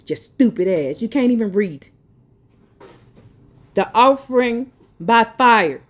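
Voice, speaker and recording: A blunt woman religious teacher with a fairly high, expressive voice reads her notes slowly and deliberately. She keeps breaking off into heated, scolding rants that are colloquial and profane.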